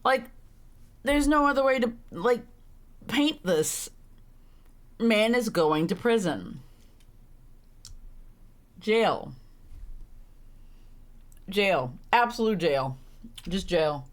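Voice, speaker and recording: Young woman, streamer, exasperated, sarcastic, swears a lot, slow unhurried delivery. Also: mid-range voice, expressive. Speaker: streamer playing a visual novel. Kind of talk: casual let's-play commentary.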